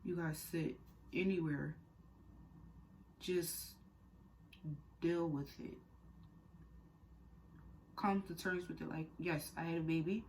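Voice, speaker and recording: Young woman, low voice, candid conversational vlogger, earnest and direct, light background hiss. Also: steady tone, slow pace, long pauses, darkish tone, low-quality recording. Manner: candid, conversational, many fillers and repeats; earnest and direct when advising. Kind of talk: personal storytime vlog.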